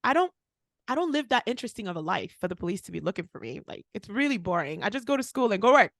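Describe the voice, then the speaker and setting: A young woman, a pharmacist who co-hosts a podcast, tells a story fast in a mid-range voice with no room sound. She is animated and casual, saying "like" a lot and acting out what people said.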